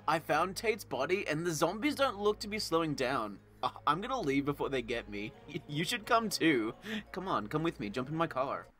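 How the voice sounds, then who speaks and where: A man's voice: on the high side, very animated, moderate pace, a bit bright. A young man reacting to a game recap with sarcastic, joking interjections and swearing. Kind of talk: comedic reaction and quick character voices.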